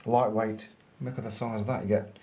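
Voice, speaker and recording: A man's voice: on the low side, flat delivery, fairly quick, dark tone, muffled recording. Chatty enthusiastic man in a shop. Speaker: vlogger. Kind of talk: casual showroom chat to camera. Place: pipe maker's showroom, indoors.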